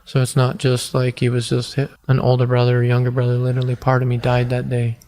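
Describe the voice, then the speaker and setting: A man in his forties telling his personal story as a podcast guest, earnest and halting, with many restarts. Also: medium pitch, completely flat delivery, a little mellow. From United States. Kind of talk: personal testimony in an interview.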